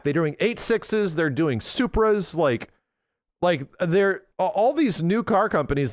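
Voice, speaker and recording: A man in his forties chatting casually on a livestream, telling animated stories with lots of swearing. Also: on the high side, dry recording, studio quality. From Los Angeles area. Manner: excitable, swearing, animated storytelling. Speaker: streamer.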